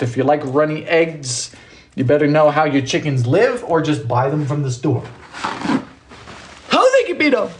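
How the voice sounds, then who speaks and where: Animated chatty live-stream baker. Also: a little hiss or hum. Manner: chatty, reads out and answers chat messages; animated, sudden high exclamations. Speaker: livestreamer.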